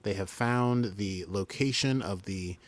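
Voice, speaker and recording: A man's voice: lowish voice, a little slow. A man co-hosting a podcast, chatting casually as he recaps a story and mimics the characters. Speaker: podcast co-host.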